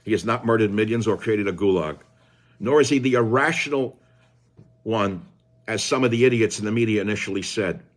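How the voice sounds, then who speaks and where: An older man with a low voice, hosting a radio talk show and delivering a combative, sarcastic political monologue that swings from low mutters to shouts. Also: fairly quick.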